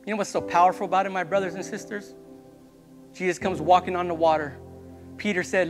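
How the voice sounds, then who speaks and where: A man's voice: high-pitched, steady tone, a little fast, long pauses, long reverb tail, faint music behind. A young man preaching an impassioned sermon as a youth pastor in a church, repeatedly calling out to the congregation.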